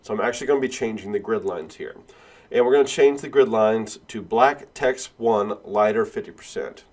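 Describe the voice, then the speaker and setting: A man instructor giving a screen-recorded software tutorial, explaining each click step by step and correcting himself along the way. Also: on the low side, normal speed. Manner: steady step-by-step walkthrough, self-correcting.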